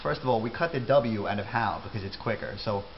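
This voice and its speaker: A man's voice: lowish voice, brisk, dull audio, a little hiss or hum. A man with a New York accent giving a brash, wisecracking tutorial on local greetings. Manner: brash, wisecracking, matter-of-fact. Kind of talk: comedic tutorial.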